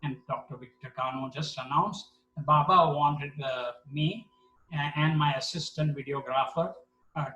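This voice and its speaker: A man tells stories at a devotional gathering, switching into voices for each person he quotes. His voice is fairly high and bright. He sounds set back from the mic in an echoey room. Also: normal speed, far from the mic, lo-fi sound. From India. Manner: animated, acts out quotes with voices. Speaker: satsang speaker. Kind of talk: storytelling talk.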